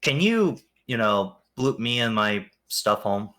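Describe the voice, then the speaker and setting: A man's voice: on the low side, big pitch swings, takes it slowly, fairly bright tone. A man playing his character in a tabletop game, rambling in a drawling way. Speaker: player. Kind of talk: casual in-character role-play.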